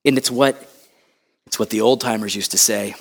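A man preaching a sermon, impassioned and conversational, with loud emphatic peaks and quick asides. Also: on the low side, fairly even intonation, breathy edge. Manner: conversational asides and acted quotes. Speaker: pastor.

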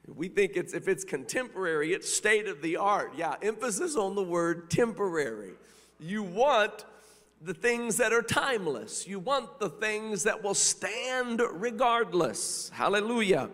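Male preacher, high-pitched, slow and deliberate, sermon in a big echoing hall. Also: sharp tone. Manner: preaching cadence with repetitions and exclamations of hallelujah. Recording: long reverb of a large hall.

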